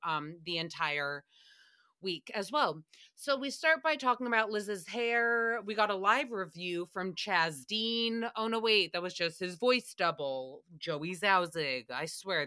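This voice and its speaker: A woman's voice: mid-range voice, smooth, no room sound, studio quality. Profane, sarcastic woman podcast host. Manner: breaks into loud laughs and squeals. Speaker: podcast host recapping a radio show. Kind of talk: casual comedic recap.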